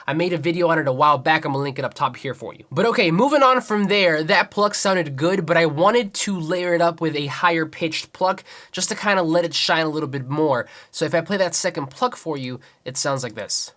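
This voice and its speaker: A man's voice: on the high side, a little fast, hardly any pauses, fairly bright tone. A young man producing music, casually walking through his beat and counting the rhythm aloud as he explains each layer. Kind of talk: tutorial walkthrough. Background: beat playback music.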